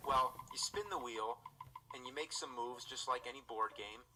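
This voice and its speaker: An actor playing a foul-mouthed, exasperated game critic, ranting incredulously through a scripted comedic review. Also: male voice, mid-range voice, normal speed, over a noisy crowd, close to an everyday voice, low-quality recording.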